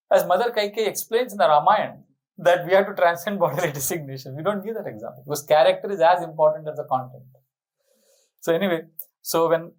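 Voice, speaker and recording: A man giving a storytelling sermon on a tour talk, animated and often putting questions to his listeners. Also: sits high, poor audio. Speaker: spiritual speaker.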